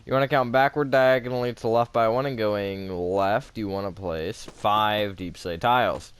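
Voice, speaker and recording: A man's voice: fairly low pitch, normal speed, clear, resonant tone. A man hosting a casual game building tutorial, chatty and self-mocking, with lots of fillers, recorded at home on a close desk mic.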